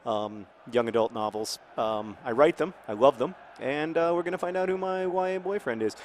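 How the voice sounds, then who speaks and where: A man in his thirties hosting a game video in casual commentary, rambling and jokey, with sudden shouted outbursts. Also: medium pitch, normal speed, slight background noise. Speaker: game host.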